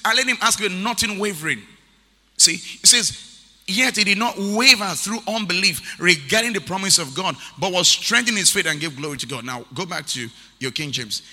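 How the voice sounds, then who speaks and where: Emphatic preacher in a reverberant hall. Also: male voice, high-pitched, sharp tone. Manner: emphatic preaching, repeats key phrases, reads scripture aloud. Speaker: pastor. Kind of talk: sermon.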